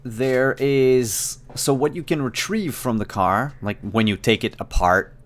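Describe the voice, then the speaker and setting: A man running a tabletop role-playing game as game master, describing scenes in a relaxed, hesitant way with frequent fillers. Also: medium pitch, unhurried.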